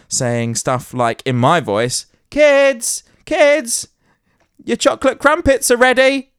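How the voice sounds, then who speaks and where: A man's voice: mid-range voice, clean tone, no echo, studio quality. A man hosting a podcast, reading tech news aloud and breaking into playful, theatrical jokes. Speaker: podcast host. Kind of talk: news reading with comic asides.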